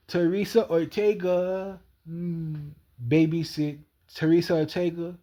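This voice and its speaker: A man's voice: a little high, normal speed, lo-fi sound. A young man rambling through a solo monologue, repeating the same phrases over and over. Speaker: vlogger.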